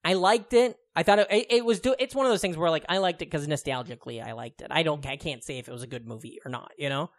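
A man's voice: fairly high pitch, fast talker, hardly any pauses. A man in his thirties co-hosting a podcast, chatting casually in a rambling, profane way, with lots of fillers and frequent laughs. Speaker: podcast co-host. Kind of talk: casual chat.

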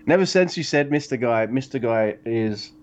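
Rambly excited podcast dude, swears a lot, kinda muffled lo-fi sound. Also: male voice, medium pitch, normal speed. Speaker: podcast co-host. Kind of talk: casual chat.

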